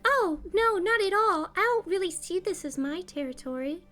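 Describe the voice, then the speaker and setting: A woman voicing a gentle, timid blind female house cat who talks in a soft, friendly way. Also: very high-pitched, expressive, normal speed, faint music behind, voice pushed up.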